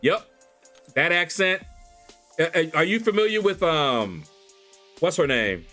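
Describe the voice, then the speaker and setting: A man from Kentucky hosting a relaxed livestream chat, telling animated stories with laughs and playful voices into a desk microphone. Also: a little high, unhurried. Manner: animated storyteller, laughs, squeals in mock voices. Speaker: livestream host. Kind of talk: casual chat with viewers. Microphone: desk USB microphone. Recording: faint background music.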